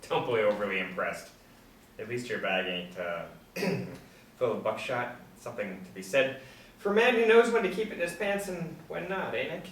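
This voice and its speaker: A man reading the part of a boastful, folksy male drifter who calls himself a soldier of fortune, talking with swagger and sudden loud bursts. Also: medium pitch, big pitch swings, normal speed, lightly acted. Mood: folksy boasting. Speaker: table-read actor. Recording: roomy, distant mic, faint background hum.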